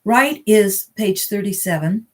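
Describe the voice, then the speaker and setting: A woman hosting a live spiritual talk, calmly reading out channeled messages and greeting viewers. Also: mid-range voice. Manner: calm, earnest, reads messages aloud slowly.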